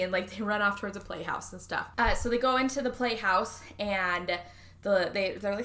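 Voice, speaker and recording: A woman hosting a podcast, recapping a movie in casual chat, animated and swearing, acting out the characters' lines. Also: mid-range voice, brisk. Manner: animated, swearing, acts out quotes. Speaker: podcast host.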